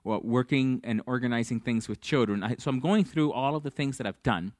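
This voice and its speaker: A man's voice: mid-range voice, brisk, darkish tone, dry recording. Dry-voiced male preacher telling stories. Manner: storytelling, acts out dialogue. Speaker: pastor. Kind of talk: sermon.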